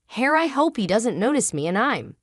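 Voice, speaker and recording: A woman narrating a first-person dramatic story in an emotional, halting way. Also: on the high side, big pitch swings, no room sound, clean studio sound.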